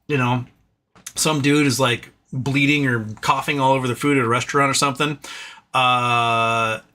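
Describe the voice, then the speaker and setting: On a political livestream, a man with a medium-pitched, sharp voice rants in exasperation. Sarcastic and swearing, he mimics opponents with put-on quotes, filling his speech with fillers and constant sentence restarts.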